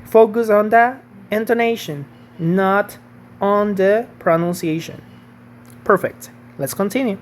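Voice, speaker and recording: A woman's voice: medium pitch, measured pace, a little hiss or hum. Woman teaching English grammar. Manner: patient, checks in with "okay?" and "right?". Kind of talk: online grammar lesson.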